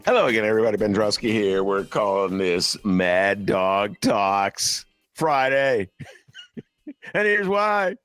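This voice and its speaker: A man's voice: fairly low pitch, animated, a little slow, fairly bright tone, clean tone, no room sound, faint music behind. An older man hosting a political talk show, sarcastic and ranting. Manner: sarcastic, ranting, mocks people in put-on voices. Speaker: podcast host.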